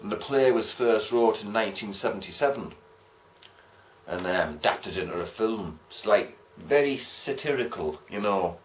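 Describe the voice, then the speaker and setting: A man's voice: fairly low pitch, expressive, normal speed. A man giving a casual, rambling film review, chatty and swearing casually as he talks. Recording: roomy echo.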